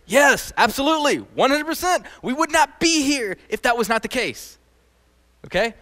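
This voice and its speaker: A man giving an animated, conversational sermon as a teacher, often quizzing his audience. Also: very high voice, moderate pace. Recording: long hall reverb.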